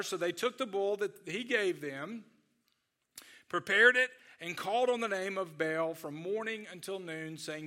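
Bright, high-voiced man preaching. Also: unhurried. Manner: conversational preaching, frequent restarts. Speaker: pastor. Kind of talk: sermon.

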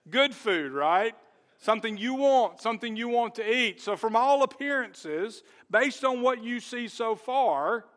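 Guy preaching a sermon, kinda high voice, earnest, slows way down on the big points, keeps asking the church stuff. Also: a bit bright. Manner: earnest, direct, slows down to stress key words; talks straight to the congregation with questions. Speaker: pastor.

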